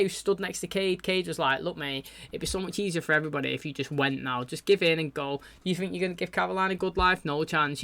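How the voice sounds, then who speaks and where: A man's voice: sits high, vocal fry, fairly bright tone. A man, recapping a TV episode in a rambling, chatty way with lots of fillers. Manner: rambling, chatty, loose paraphrasing with frequent fillers. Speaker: TV reaction channel host.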